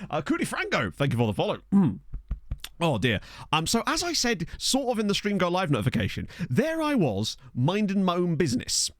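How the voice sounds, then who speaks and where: Guy streaming a football manager game, jokey, bouncy voice, higher side, dry close mic. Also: huge pitch swings, dry recording. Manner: chatty and jokey, thanking viewers, quick laughs. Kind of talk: casual live-stream chat. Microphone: desk microphone.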